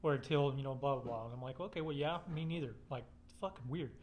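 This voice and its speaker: A man's voice: mid-range voice, fast talker, darkish tone, a little hiss or hum. A man telling a rambling personal story in casual chat, swearing constantly.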